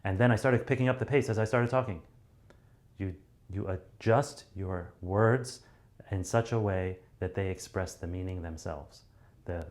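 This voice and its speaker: A man's voice: sits low, a little mellow. A man teaching public speaking in a loose, conversational way, with many fillers and restarts. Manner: acts out sample deliveries to show each point. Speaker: communication coach.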